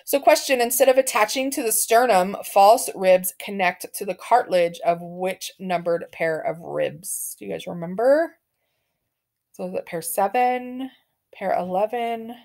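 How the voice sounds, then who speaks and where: A woman's voice: medium pitch, unhurried, creaky, a little mellow. A woman teaching a medical terminology class, talking casually with many fillers and putting questions to her students. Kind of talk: classroom lecture.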